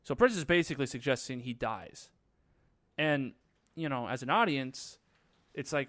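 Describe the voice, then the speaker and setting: A man's voice: on the high side, lively intonation, normal speed, fairly bright tone, no room sound. A young man reviewing a movie in a casual vlog, sarcastic, crude and rambling as he retells the plot.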